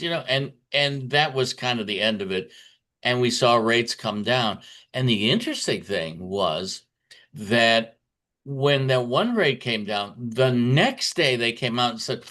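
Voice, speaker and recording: A man's voice: medium pitch, takes it slowly, fairly bright tone. A man giving a conference talk on markets, telling stories in a chatty way with frequent fillers and restarts. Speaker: market commentator.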